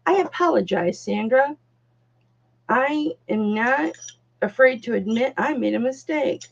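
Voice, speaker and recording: With a high-pitched, creaky voice, lively intonation and a slightly slow pace, a woman chats casually through a live online jewelry auction. She calls her viewers darling, honey and doll, and the recording is dull and lo-fi.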